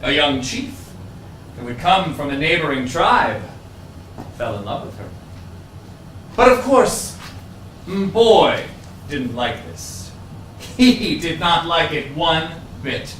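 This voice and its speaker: A man's voice: a little high, big pitch swings, takes it slowly, pauses often, a bit bright, far from the mic, heavily acted. A man playing a pedantic professor who narrates a legend with theatrical swings in a stage play. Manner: storytelling with dramatic swings, pedantic. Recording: roomy stage, picked up from afar, faint noise.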